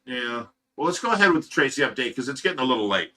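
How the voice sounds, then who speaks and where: A man's voice: medium pitch, sing-song, fast talker, pushed and bright. A man hosting a livestream, giving an earnest, emotional personal update in a rambling, casual way. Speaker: livestream host of a fish rescue.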